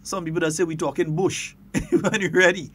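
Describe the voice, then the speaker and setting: A man with a Grenadian accent hosting a radio talk show in casual chat, lively and quick to laugh. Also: a little high, a little hiss or hum. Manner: lively, laughs often, stretches words for emphasis.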